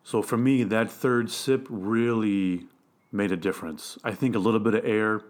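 A man's voice: fairly low pitch, steady tone, moderate pace. A man co-hosting a podcast, chatting casually and explaining things in detail. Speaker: podcast co-host. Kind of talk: casual tasting chat.

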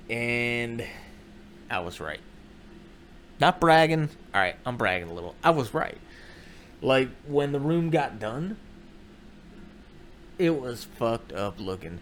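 A man telling a funny story in a casual, foul-mouthed way, jumping into loud voices when he quotes people. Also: mid-range voice, slow pace, pauses often, a little hiss or hum. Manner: animated, profane, swings into loud quoted voices. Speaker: comedic storyteller.

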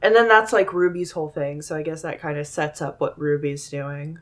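Young woman podcast co-host, wry and sweary, a lowish voice. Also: fairly even intonation, moderate pace. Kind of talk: casual chat reviewing a TV episode.

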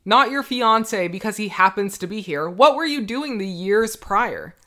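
A woman's voice: mid-range voice, animated, measured pace, pushed and bright. A young woman co-hosting a podcast, giving casual, indignant opinions on a reality show and laughing often. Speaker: podcast co-host.

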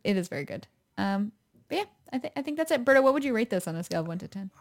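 A woman's voice: medium pitch, rapid-fire. A young woman co-hosting a podcast in casual chat, laughing often as she talks. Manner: giggly, animated, laughs often. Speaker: podcast co-host.

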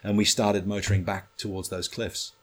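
A man with a very low, deep voice tells a story in a relaxed, chatty way. He swears often and slips into other people's lines as he goes. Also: normal speed. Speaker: storyteller guest. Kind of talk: casual anecdote on a podcast.

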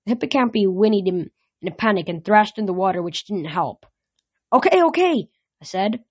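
A woman reads a first-person adventure novel aloud at a moderate pitch. Her delivery is unpolished, with frequent restarts and corrected words. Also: a little fast, husky, lo-fi sound.

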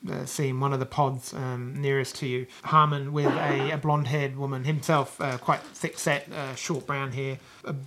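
A man's voice: mid-range voice, flat delivery, moderate pace, few pauses, over a noisy crowd. A man narrating a tabletop game as game master, hesitant and full of restarts. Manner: hesitant, many fillers and restarts.

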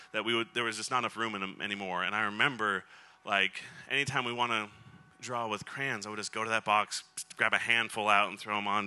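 A man's voice: lowish voice, pushed and bright. A middle-aged man telling a personal story in a sermon, chatty and rambling, with lots of fillers and dry self-deprecating humor. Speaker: speaker.

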